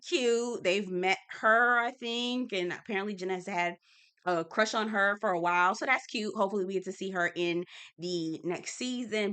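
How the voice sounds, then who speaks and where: Young woman, TV recap host, bright forceful tone, gossipy and blunt. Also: mid-range voice. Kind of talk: casual commentary.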